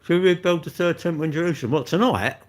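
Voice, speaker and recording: A man's voice: on the high side, quick pace. A man, chatting cheekily and rambling to his livestream viewers while eating cake with his mouth full.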